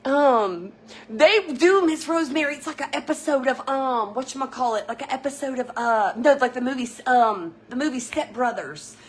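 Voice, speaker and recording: A woman's voice: high voice, expressive, normal speed. A middle-aged woman, chatting casually with viewers as she hosts a live stream from her home kitchen. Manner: chatty, laughing, greeting viewers by name.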